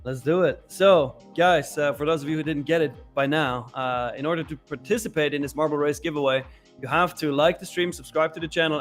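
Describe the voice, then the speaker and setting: A man's voice: on the high side, a bit bright. A man hosting a live trading stream, chatting casually and running a giveaway. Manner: runs giveaways, upbeat and chatty. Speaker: stream host.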